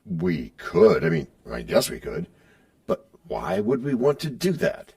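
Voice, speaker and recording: A man's voice: fairly low pitch, unhurried, vocal fry, slightly rough, distant mic. A man hosting a podcast, bantering in a playful, teasing way. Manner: playful, teasing, lively delivery. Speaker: podcast host.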